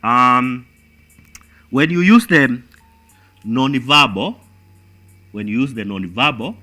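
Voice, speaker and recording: A man's voice: mid-range voice, takes it slowly, bright, forceful tone. A man with a Kenyan accent teaching an exam revision lesson, emphatic and repeating words as he thinks.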